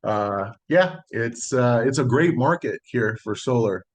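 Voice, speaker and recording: A man's voice: medium pitch, unhurried. Chatty middle-aged man telling a story. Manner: relaxed, chatty storyteller acting out dialogue. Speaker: solar sales consultant. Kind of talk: storytelling in a podcast interview. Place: Las Vegas.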